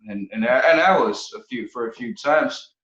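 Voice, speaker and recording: A man from the Philippines, a guest musician, talking casually in an interview, often pausing and restarting his sentences. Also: medium pitch, lively intonation, fairly bright tone. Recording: roomy, dull podcast audio.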